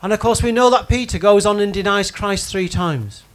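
A man's voice: sits high, moderate pace. A man preaching a sermon, talking conversationally and putting questions to the congregation by name. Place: church hall with congregation.

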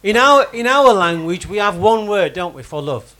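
Male preacher, conversational sermon, bright high register with very animated pitch. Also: moderate pace. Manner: conversational, quizzes congregation by name. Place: church hall with congregation.

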